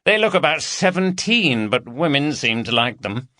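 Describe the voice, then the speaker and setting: A man's voice: a little high, very animated, moderate pace, bright, forceful tone, dry recording, voice pushed up. A man voicing a cheeky, boisterous male friend from London, full of laddish banter. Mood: teasing.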